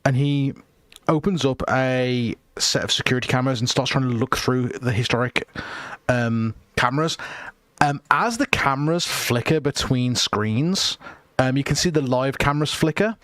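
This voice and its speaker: Relaxed male game master. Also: medium pitch, normal speed, no room sound. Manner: relaxed, filler-heavy narration. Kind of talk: narrating a tabletop game.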